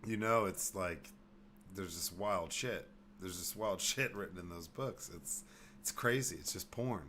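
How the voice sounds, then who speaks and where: A man's voice: low voice, unhurried, sharp tone, a little hiss or hum. A man hosting a podcast in casual chat, laid-back and swearing freely, often trailing off mid-sentence. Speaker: podcast host.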